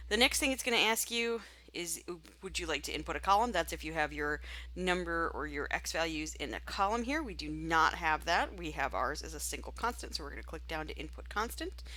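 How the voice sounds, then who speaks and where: A woman teaching statistics by talking through a software tutorial, chatty and thinking aloud as she clicks. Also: sits low. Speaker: statistics instructor. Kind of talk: screen-recorded software tutorial.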